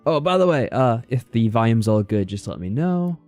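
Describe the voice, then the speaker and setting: A man's voice: medium pitch, very animated, moderate pace, a little mellow, soft background music. A man hosting a game stream, chatting casually and reacting playfully aloud. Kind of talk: casual let's-play chat.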